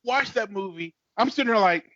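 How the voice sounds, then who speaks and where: A man's voice: sits high, animated, a little fast, a bit bright, no echo, highs cut off. A man co-hosting a casual chat, telling stories animatedly and acting out quotes in exaggerated voices. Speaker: co-host.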